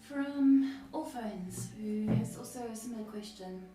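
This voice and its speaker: A woman co-host reading viewers' questions aloud in an even, quiet way. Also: mid-range voice, measured pace, soft background music. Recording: very echoey, distant from mic, faint noise.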